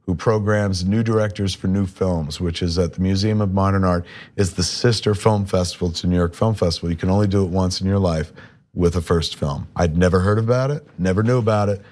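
A middle-aged man with a lowish voice. He rambles through casual anecdotes and acts out other people's lines. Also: brisk. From New Jersey. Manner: rambling, animated anecdotes with quoted dialogue. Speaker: podcast guest, filmmaker. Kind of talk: casual storytelling.

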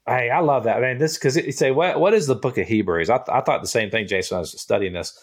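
A man with a husky, slightly breathy voice talks through scripture on a podcast, animated and full of restarts. His tone stays casual and conversational. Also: medium pitch, quick pace. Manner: animated, repeats words and restarts often. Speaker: co-host of a Bible discussion podcast. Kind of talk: casual Bible study chat.

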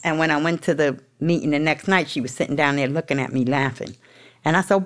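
A woman's voice: low-pitched, steady tone, fast talker. A middle-aged woman guest telling her recovery story in a blunt, profane, streetwise way, often laughing. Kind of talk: candid storytelling interview.

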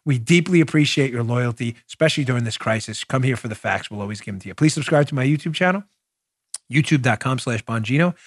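A man hosting a political commentary show, animated and sarcastic with wisecracks. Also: medium pitch, fast, slightly rough, no echo, clean studio sound. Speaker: host.

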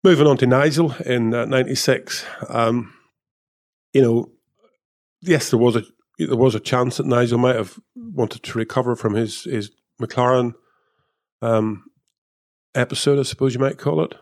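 A man's voice: mid-range voice, normal speed, long pauses, darkish tone. A man, a former motor racing engineer, talking casually in an interview, rambling with many fillers and restarts. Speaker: former F1 technical director and race engineer.

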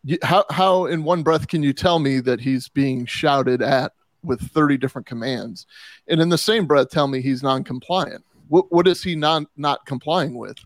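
Male co-host, mid-pitched, dry close sound, argues the other side. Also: moderate pace, no echo. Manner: challenging, plays devil's advocate. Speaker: podcast co-host. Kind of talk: casual debate.

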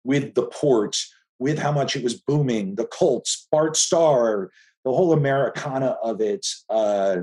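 A man in his fifties from the Philadelphia area, a filmmaker guest telling stories in casual conversation with animated restarts. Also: mid-range voice, unhurried. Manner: animated storytelling with frequent restarts.

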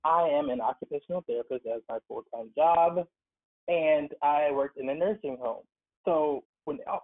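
Man on a tinny phone line. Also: fairly high pitch. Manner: earnest, emphatic storytelling. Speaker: guest, occupational therapist. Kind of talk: casual interview by phone. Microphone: phone call.

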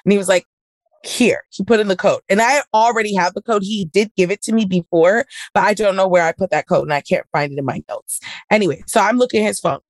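A podcast host speaking at a fast pace in a medium-pitched voice, this woman chats casually and performs both sides of an argument while telling a story. The recording is dry.

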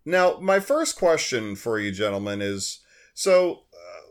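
A man's voice: lowish voice, sing-song, slow. A man on a podcast, joking and asking his co-hosts questions, laughing often. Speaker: podcast co-host. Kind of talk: casual chat.

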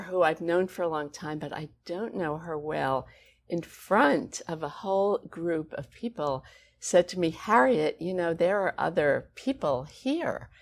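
A woman, a guest author, telling stories conversationally with animated, expressive emphasis. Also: low-pitched, gravelly. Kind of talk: conversational storytelling.

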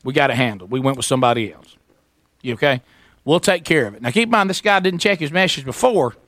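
Male radio host, animated storyteller, bright tone, dry studio sound. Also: mid-range voice, fast, dry recording. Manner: animated storyteller, acts out voices.

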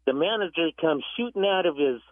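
A man's voice: on the high side, expressive, fairly quick, no room sound. A man calling in to a radio show, rambling through a story. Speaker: caller. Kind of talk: telling a story on a phone call. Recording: tinny phone line.

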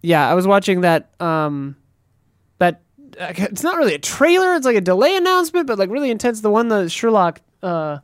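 A woman's voice: medium pitch, very animated, fairly quick, dry recording, studio quality. A woman from the Midwest in casual podcast chat, chatty and full of "like", swearing casually. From American Midwest.

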